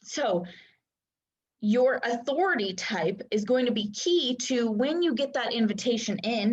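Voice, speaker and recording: A woman's voice: a little high, expressive, normal speed. A young adult woman coaching in casual talk, full of "like" and "right?", acting out inner voices with whispers and gasps. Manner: chatty, lots of "like" and "right?" fillers. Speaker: human design coach. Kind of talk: casual teaching monologue. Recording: dull lo-fi sound.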